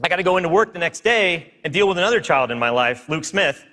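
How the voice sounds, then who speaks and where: Bright upbeat man presenting on stage. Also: high voice, lively intonation, fast talker, slight background noise. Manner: upbeat, hyping up a live audience. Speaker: game studio presenter. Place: stage in a large hall. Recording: long hall reverb from live stage.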